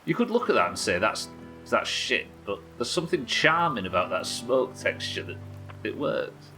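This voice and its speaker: A man's voice: medium pitch, big pitch swings, normal speed, pushed and bright, soft background music. Chatty man streaming a game. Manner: rambling, chatty, swears, self-mocking. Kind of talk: casual gameplay commentary.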